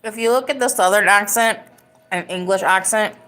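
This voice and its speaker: This is casual live-stream chat from a woman podcast host whose mid-range, slightly bright voice moves at a moderate pace. She rambles along, leaning heavily on "like" as filler.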